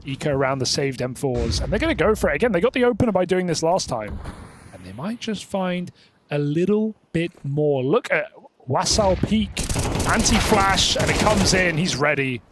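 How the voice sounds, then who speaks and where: A man casting a competitive shooter match, with dry, teasing humor in the banter and brisk calls of the action. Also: on the high side, sing-song, fairly bright tone, a little hiss or hum. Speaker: esports caster. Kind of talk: commentary and banter.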